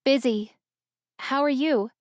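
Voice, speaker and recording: Brief: female narrator doing a high, shaky, crying young woman in a storybook audiobook, dry and smooth. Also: takes it slowly, no echo. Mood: subdued. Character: young woman, homesick actress, tearful.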